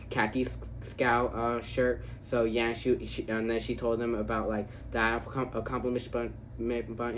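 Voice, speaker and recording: A man's voice: medium pitch, slight background noise. Rambling young man reviewing a film. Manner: rambling, many fillers, quiet quoted lines, gushing. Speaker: movie reviewer. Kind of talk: casual movie review monologue.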